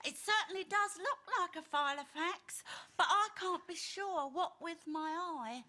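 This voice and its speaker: A very high, ditzy young woman. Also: a little slow, sharp tone, heavily acted. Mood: bubbly. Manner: ditzy, chirpy. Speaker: sitcom character.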